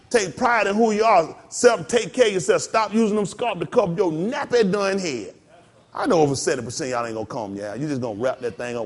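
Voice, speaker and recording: A pastor with a fairly high-pitched voice gives a folksy, animated sermon, imitating voices in jest and laughing together with the congregation.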